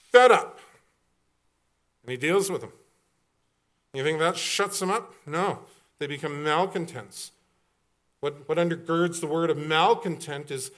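A middle-aged man preaching a sermon as pastor, animated and joking, with quick storytelling asides. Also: fairly high pitch.

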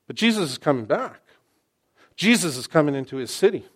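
A middle-aged man preaching a sermon in an animated, excitable, conversational way, often restarting his sentences. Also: a little high, fairly quick, slightly rough.

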